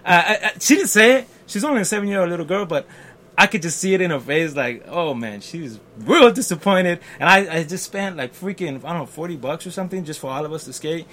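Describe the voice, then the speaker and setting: A man with a slightly high voice talks at a quick pace, sharing a personal story in casual conversation. He's lively, mimics the voices of the people he quotes, and his delivery includes fillers and restarts.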